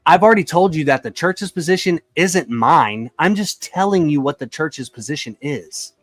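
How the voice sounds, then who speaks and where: A man's voice: a little high, animated, moderate pace, fairly bright tone, no room sound, soft background music. A man arguing his point in a live debate, blunt and insistent. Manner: blunt, insistent, explains at length. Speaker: debate caller. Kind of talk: argumentative debate.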